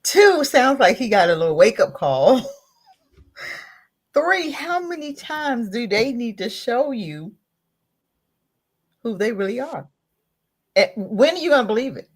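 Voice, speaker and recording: A woman hosts a casual talk radio show, animated and mocking, with frequent laughter between her points. Her voice sits fairly high and swoops widely up and down. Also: a little slow, pauses often. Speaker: host.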